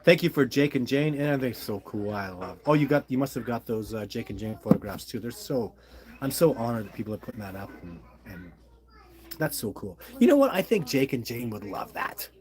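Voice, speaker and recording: A middle-aged man talks casually on a livestream, reading viewer comments aloud and answering them. He is chatty and a little apologetic, and his voice sits at an ordinary, middle pitch. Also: a little fast. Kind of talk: casual live-stream chat.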